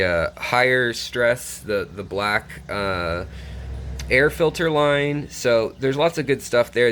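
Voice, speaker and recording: A man's voice: medium pitch, fairly bright tone. A man hosting a casual hands-on tutorial from his home fish room, rambling with frequent fillers and self-corrections. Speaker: aquarium hobbyist channel host.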